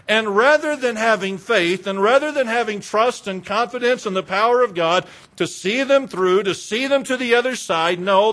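A man preaching a sermon, retelling a story dramatically with repetition and swinging between loud passion and hushed quiet. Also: high-pitched. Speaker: pastor.

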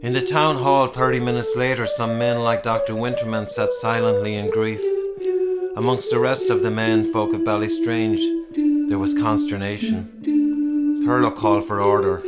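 A man reading a dark fairy tale aloud in a measured, dramatic storytelling style, with music behind him. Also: medium pitch, lively intonation. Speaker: narrator. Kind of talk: storytelling narration.

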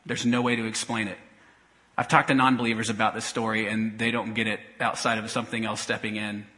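A man preaching tells a personal story, his voice lowish and level, moving fairly quickly. He talks conversationally, restarts often, and goes quiet during emotional parts, captured on poor audio.

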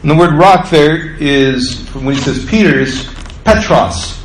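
A man delivers an animated sermon, voice pitched a bit above the usual. He throws himself into quoted lines, climbing in pitch and volume. The room is echoey with a faint hum of ambience behind him. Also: unhurried. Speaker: pastor. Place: church sanctuary.

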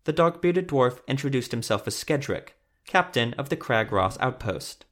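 Reading a fantasy tale, this male narrator stays measured and even-paced throughout. His voice falls in the middle of a man's range.

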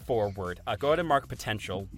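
A man narrating as game master of a tabletop role-playing game, slow and halting with many fillers. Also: on the low side, lively intonation, faint music behind.

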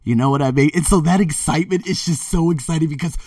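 Animated man vlogging, lively pitch. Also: fast, few pauses, husky, dry recording, clean studio sound, recorded from a distance. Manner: animated, emphatic, repeats phrases. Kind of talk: casual monologue to camera. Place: Thailand.

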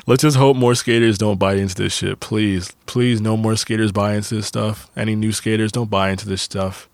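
A young man hosts his podcast in a casual, rambling monologue, swearing freely and circling back through fillers. His voice sits low with a gravelly fry. The sound is dry and close, with no room around it. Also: steady tone, moderate pace, no echo. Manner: rambling, profane, frequent fillers. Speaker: podcast host.

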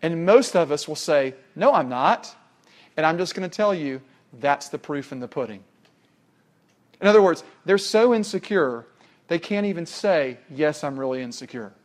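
A man preaching a sermon, emphatic and full of rhetorical questions, swinging from loud to hushed. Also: fairly high pitch, expressive, moderate pace.

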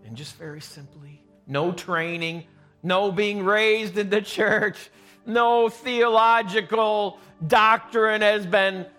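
Slow, bright-voiced male pastor preaching. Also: sits high, steady tone, soft background music. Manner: dramatic storytelling, acting out the quoted voices. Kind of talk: sermon. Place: church sanctuary, recorded live.

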